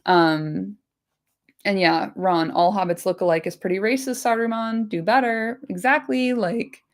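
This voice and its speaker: An unhurried woman with a mid-range voice hosts a laid-back book-chat podcast. She rambles cheerfully, packing her talk with filler words and good-natured swearing.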